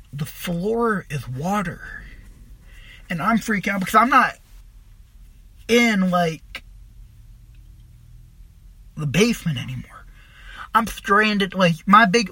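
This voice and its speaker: A young man casually telling a long, profane, rambling story about his past, animated as he retells it. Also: high-pitched, dry recording.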